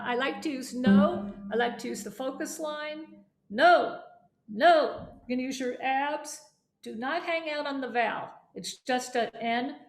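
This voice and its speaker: High-voiced woman voice teacher. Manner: demonstrates exercises aloud. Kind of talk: vocal coaching lesson. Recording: echoey room with faint instrument.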